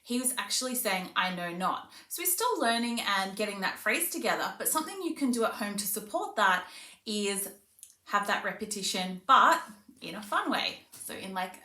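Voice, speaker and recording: Very animated and bright, her mid-range voice sounds pushed as she offers friendly advice to parents at an ordinary pace. Her demos shift into a sing-song play voice. The mic sits at a distance in an echoey room, leaving her a bit off-axis.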